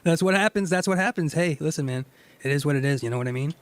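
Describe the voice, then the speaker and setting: A man's voice: fairly high pitch, fast. A man co-hosting a livestream, talking casually and dismissively. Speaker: co-host. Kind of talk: livestream chat.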